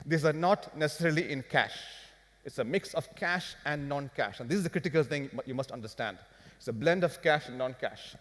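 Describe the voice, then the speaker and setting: A man giving a live finance talk to an audience, animated and firing rhetorical questions at the crowd. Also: on the high side, brisk. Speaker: business speaker. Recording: long hall reverb.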